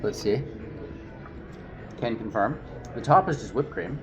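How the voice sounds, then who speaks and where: A man's voice: mid-range voice, measured pace, a crowd in the background. A man casually narrating a travel vlog outdoors, easygoing and chatty, laughing often. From Canada. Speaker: outdoor vlogger.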